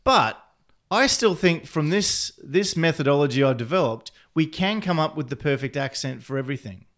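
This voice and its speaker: A man's voice: fairly high pitch, animated, moderate pace, fairly bright tone. A man hosting a casual chat, rambling and enthusiastic, often laughing as he talks.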